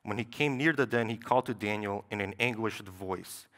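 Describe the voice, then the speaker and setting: A man's voice: lowish voice, normal speed, hardly any pauses, fairly bright tone. A young man preaching a sermon in a church sanctuary, talking in a conversational way and often tossing in "right?". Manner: conversational, with frequent "right?" asides. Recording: long church hall reverb.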